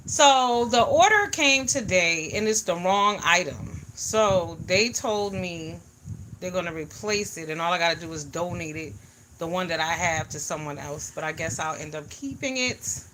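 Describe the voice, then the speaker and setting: Woman livestreaming from home, bright tense voice, goes loud to hushed with her viewers. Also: on the low side, moderate pace, slight background noise. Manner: animated, greets viewers, swings from loud to quiet. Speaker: livestream vlogger. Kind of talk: casual livestream chat. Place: home in the US Northeast.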